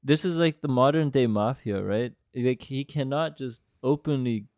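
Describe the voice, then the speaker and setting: A man of middling pitch co-hosts a casual podcast. He jokes, laughs often and slips into voices for the people in his stories. His voice sounds dry and close to the mic. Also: normal speed, darkish tone, no echo. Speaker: podcast co-host. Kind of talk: casual chat.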